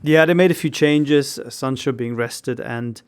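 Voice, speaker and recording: A man talking football analysis in a measured way, with some fillers. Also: mid-range voice, clean tone. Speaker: football pundit. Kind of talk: casual chat.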